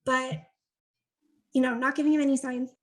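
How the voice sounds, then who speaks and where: In a rough recording, a high-pitched woman from Connecticut, USA, is a podcast guest telling a story in conversation. Chatty and animated, she says "like" often, laughs quickly, and acts out what others said.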